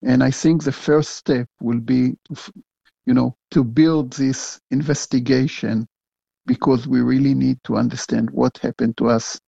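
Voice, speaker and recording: An older man, a retired general answering interview questions in a halting way, full of fillers and restarts. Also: mid-range voice, steady tone, vocal fry, dark tone, slightly rough, no room sound, lo-fi sound. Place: home in a big city.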